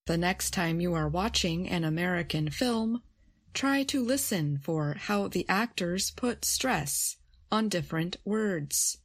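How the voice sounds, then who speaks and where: A woman's voice: fairly low pitch, expressive, slow. A woman co-presenting a scripted grammar lesson, reading carefully and reading out example phrases. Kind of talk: scripted educational narration.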